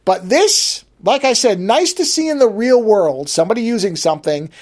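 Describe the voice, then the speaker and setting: A podcast host talks alone into a close microphone, mid-pitched and easygoing. The delivery is casual and thinking-aloud, with plenty of restarts and small asides. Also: expressive, normal speed, a little mellow. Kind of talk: solo daily podcast monologue.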